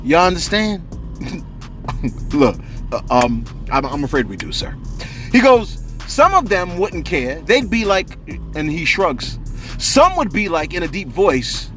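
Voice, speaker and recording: Animated man hosting celebrity gossip. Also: on the high side, unhurried, faint music behind. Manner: animated, joking, slangy asides. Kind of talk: casual celebrity commentary.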